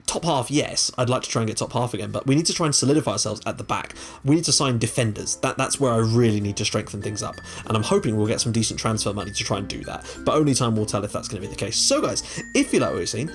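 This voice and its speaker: A young man hosting a gaming channel, chatting casually and excitably over his game, with the odd swear. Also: medium pitch.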